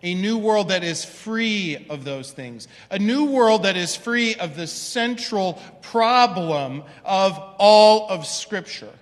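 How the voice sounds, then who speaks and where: High-voiced pastor preaching in a reverberant hall. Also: male voice, animated, takes it slowly, few pauses. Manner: conversational preaching with frequent "right?" asides. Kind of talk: sermon. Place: church sanctuary.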